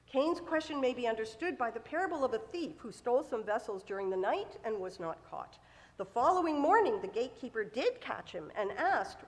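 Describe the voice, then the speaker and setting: Woman rabbi, sermon delivery, acts out quoted lines; slightly high, very expressive pitch. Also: moderate pace, long reverb tail. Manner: animated storytelling, acting out quoted voices. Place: synagogue sanctuary.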